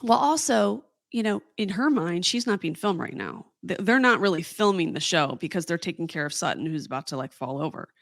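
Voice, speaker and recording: A woman guest on a casual podcast, laying out confident, analytical takes. Her voice is somewhat low with a lot of gravelly fry, recorded dry and close. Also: expressive, fairly quick, few pauses, no room sound. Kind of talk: casual chat.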